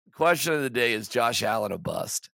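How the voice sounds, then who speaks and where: Male podcast host, forceful bright tone, emphatic frustrated delivery. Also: medium pitch, sing-song, fairly quick, gravelly, no room sound, studio quality. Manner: exasperated, emphatic, stammering restarts. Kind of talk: casual sports rant.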